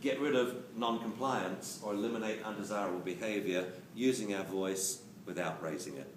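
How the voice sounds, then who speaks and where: A man giving a lively, jokey lecture on dog training to a live audience, acting out quotes as he goes. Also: on the low side, moderate pace. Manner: animated, jokey, acts out quotes. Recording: roomy, distant camera mic with hiss.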